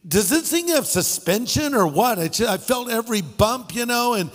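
A man's voice: very high voice, animated, normal speed, in a large hall, soft background music. A middle-aged male pastor preaching a sermon, telling funny stories and making wry asides. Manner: storytelling with jokes and asides. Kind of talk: humorous sermon.

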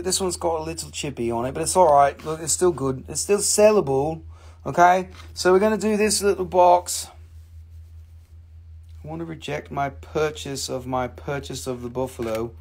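A man's voice: sits high, a little mellow. A man hosting a casual live sale, rambling and joking, swearing freely as he shows his pieces. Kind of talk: casual live sales stream.

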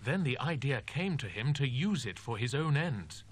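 A man's voice: medium pitch, big pitch swings. A man as a grim, determined student. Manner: grim, firm, deliberate. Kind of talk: audiobook drama acting.

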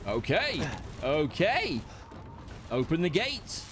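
A man giving excitable, frantic running commentary while he plays a video game. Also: a little high, slow, background noise. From United Kingdom. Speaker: gaming commentator. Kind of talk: live gameplay commentary. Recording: loud game audio under voice. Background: loud game sounds.

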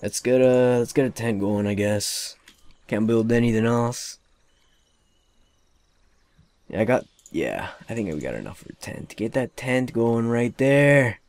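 A young man giving casual, excitable gameplay commentary, swearing often and talking to the characters on screen. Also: on the low side, moderate pace, vocal fry, no echo. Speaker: let's play gamer.

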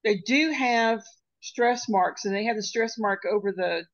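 A woman's voice: a little high, measured pace, dry recording. Female student on a muffled, dry call line, asking casual questions.

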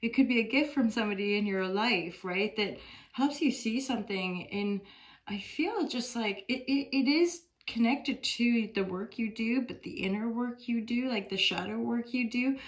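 A woman's voice: fairly high pitch, normal speed. A woman talking casually to camera into her phone as she gives a tarot reading, chatty and upbeat, with many fillers. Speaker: tarot reader.

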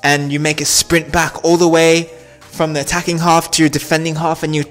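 Pumped-up football vlog guy, kinda high voice, light music under him. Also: brisk. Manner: animated, builds up intensity when pumped. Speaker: football channel host. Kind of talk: energetic vlog talk to camera.

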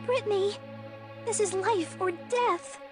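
A woman's voice: sits high, expressive, unhurried, music in the background, pitched above the performer's own voice. A woman voicing a frightened teenage girl who pleads urgently and breathlessly. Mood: frantic.

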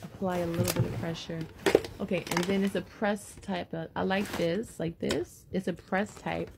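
A woman's voice: lowish voice, steady tone, normal speed, creaky, heavy background noise. A woman vlogger chatting casually and rambling to her viewers as she unboxes something, a little out of breath.

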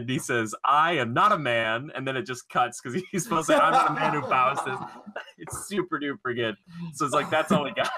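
A man's voice: medium pitch, bright, forceful tone, a little hiss or hum. A young man co-hosting a podcast in casual chat, joking and acting out little voices. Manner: joking, quick to laugh and act out voices. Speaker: podcast co-host.

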